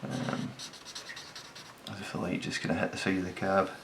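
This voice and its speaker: A man with a low, gravelly voice talks through his sketch in a relaxed way, thinking aloud and catching his own slips. He sometimes drops to a mutter while he works. A steady hiss of noise sits under the recording. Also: normal speed. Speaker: designer sketching on camera. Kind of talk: casual commentary while sketching.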